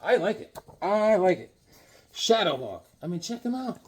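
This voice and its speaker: A man's voice: high voice, very animated, moderate pace, slightly rough. Rambling, enthusiastic man showing comics. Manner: rambling, enthusiastic, restarts and filler words. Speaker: comic book reviewer. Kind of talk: casual comic book show-and-tell.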